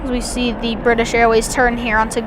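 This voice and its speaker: High-voiced woman chatting plane-spotting live. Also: completely flat delivery, fairly quick, heavy background noise. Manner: chatty, enthusiastic, rambling with restarts. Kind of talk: live aviation commentary. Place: outdoors at an airport.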